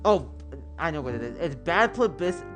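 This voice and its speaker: A man's voice: fairly high pitch, very animated, moderate pace. A man livestreaming and chatting casually with his viewers, rambling, swearing and stumbling over words. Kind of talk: casual chat with stream viewers. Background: background music.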